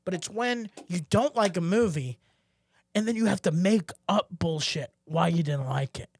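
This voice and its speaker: Animated man telling a story, dry sound. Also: high-pitched, normal speed, slightly rough, dry recording. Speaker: podcast co-host. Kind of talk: casual chat.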